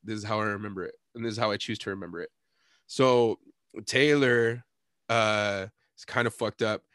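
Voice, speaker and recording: A man in casual chat, telling a bar story in an animated, profane way, laughing and acting out what people said. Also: medium pitch, no echo, clean studio sound. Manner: animated, profane, laughs often, acts out quotes.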